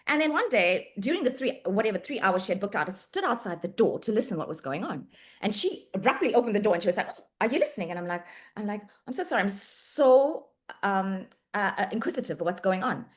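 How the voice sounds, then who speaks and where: A middle-aged woman with a South African accent shares her story in an interview, in a mid-range voice. She talks in a lively, anecdotal way, acting out the quoted lines of dialogue. She stumbles and restarts her sentences as she goes. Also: medium pitch, fast talker. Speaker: physiotherapist and medico-legal report writer.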